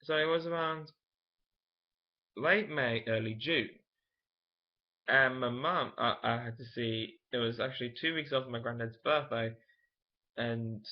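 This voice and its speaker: A man's voice: mid-range voice, a little slow, pauses often, lo-fi sound. A young man, telling a personal story to camera in a rambling, candid way, full of fillers and self-corrections. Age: late teens. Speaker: vlogger.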